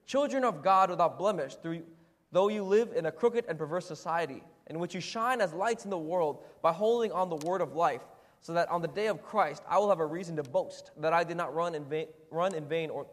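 A man preaching a sermon in a church hall, talking conversationally and asking the congregation rhetorical questions. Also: a little high. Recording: echoey hall with long reverb.

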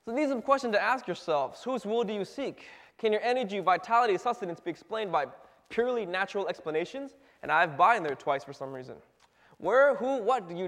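A man's voice: high-pitched, fairly bright tone, long reverb tail. A man giving a casual, conversational sermon full of rhetorical questions and little acted-out exchanges. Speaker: preacher.

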